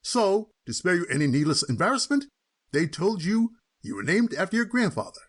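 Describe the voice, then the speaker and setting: A man's voice: high voice, big pitch swings, normal speed, fairly bright tone, slightly rough, exaggerated voice. A man voicing a stuffy, pompous male lawyer who reads a will in a formal, mock-polite way. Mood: solemn. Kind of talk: cartoon voice acting.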